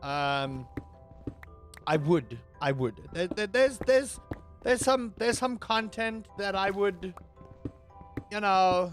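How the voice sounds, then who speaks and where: A man's voice: high-pitched, lively intonation, slow, long pauses. A man streaming live, chatting casually and rambling as he answers his chat. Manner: rambling, talks to chat, self-interrupting. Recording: faint music behind.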